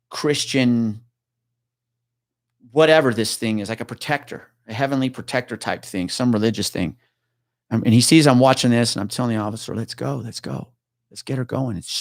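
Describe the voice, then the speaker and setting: Brisk and medium-pitched, a middle-aged ex-policeman casually works through a tense story during an interview, swearing and staying animated as he acts out the voices of its characters. The recording is dry and clean, studio-grade.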